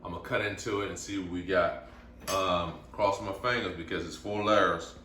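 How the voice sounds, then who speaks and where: A man hosting a home cooking vlog, chatty and excitable as he talks through his dish. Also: sits low, normal speed. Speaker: cooking channel host. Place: home kitchen. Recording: echoey room with faint noise.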